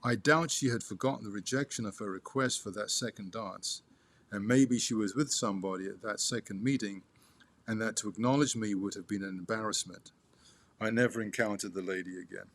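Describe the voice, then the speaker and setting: A man reading a memoir aloud to his father, halting with restarts and turning asides to the listener as "you". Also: on the low side.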